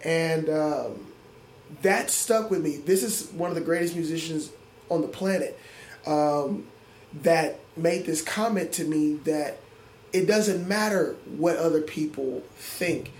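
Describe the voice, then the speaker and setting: A man's voice: a little high, takes it slowly, a little mellow, slight background noise. A man, a middle school music teacher, talking earnestly and reflectively in an interview, often restarting his sentences. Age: adult. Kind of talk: interview conversation. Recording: echoey room with faint ambience.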